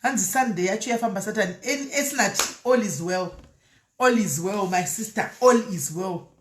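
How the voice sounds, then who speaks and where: A woman chats on a live stream, answering viewer comments and switching easily between Shona and English. Her voice sits at an ordinary middle pitch. The sound carries a noticeable echo, as if she is in a bare room. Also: normal speed, slight background noise. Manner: chatty, mixes Shona with English, laughs often. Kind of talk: casual live-stream chat, reading comments.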